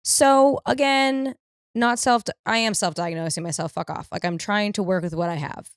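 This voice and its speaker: A woman's voice: mid-range voice, moderate pace, smooth, no room sound, clean studio sound. A young woman hosting a podcast, telling rambling, profane stories in a casual comedic monologue. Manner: rambling, profane, animated storytelling. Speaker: podcast host.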